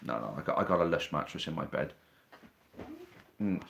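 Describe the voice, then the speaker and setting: A man with a rumbling low, gravelly voice chats animatedly at normal speed on a home live stream, reading out viewer questions and ribbing them. He films in his living room on a tripod-mounted phone; his tone is fairly bright, with slight background noise.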